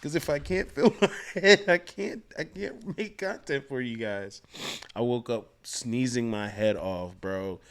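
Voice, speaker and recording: A man's voice: mid-range voice, a little slow, fairly bright tone. A man, chatting casually and laughing while he reacts to a comedy clip. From Georgia, US. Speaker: reaction video host.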